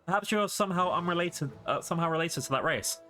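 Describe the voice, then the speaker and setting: A man's voice: fairly high pitch, fast, bright, forceful tone, faint music behind. A man voicing an eccentric female scientist who is curious, blunt and matter-of-fact, reading game dialogue aloud. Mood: clinical.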